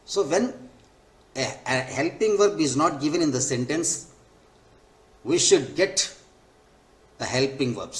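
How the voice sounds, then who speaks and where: A man's voice: fairly high pitch, animated, slow pace, pauses often. A man teaching an English grammar lesson, who repeats each point and spells out the forms step by step. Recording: echoey room.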